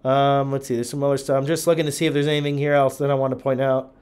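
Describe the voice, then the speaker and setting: A man's voice: mid-range voice, level tone, fast, a little mellow, clear, resonant tone. A man teaching a Bible-history lesson, talking through charts and thinking aloud with frequent ums, restarts and check-ins. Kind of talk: lecture walking through charts.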